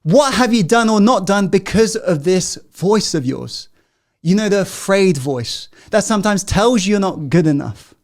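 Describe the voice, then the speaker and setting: A man giving a motivational masterclass to an audience, peppering them with questions and swinging between loud rallying and hushed intensity. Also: high-pitched, expressive, moderate pace. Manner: asks the audience constant questions. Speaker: self-help coach.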